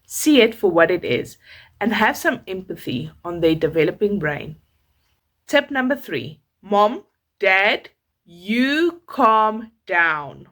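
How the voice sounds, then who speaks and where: A young South African mother talks through toddler tips in a calm, measured, advising manner. Her pitch rises and falls a lot, so the delivery stays animated. The tips sound scripted and delivered straight to the listener. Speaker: parenting vlogger, mother of a toddler. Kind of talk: scripted parenting tips to camera.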